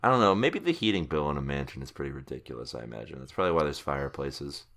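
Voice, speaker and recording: A man's voice: very deep voice, very animated, rapid-fire, fairly bright tone. A young adult man hosting a podcast in casual, teasing chat. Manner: joking, teasing. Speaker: podcast host.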